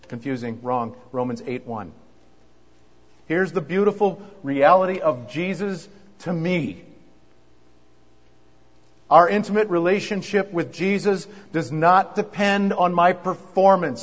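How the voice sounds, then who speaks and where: A man preaching at a marriage conference, moving from quiet asides to fervent, rising preaching. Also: a little high. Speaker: pastor. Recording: dull sound with long hall reverb.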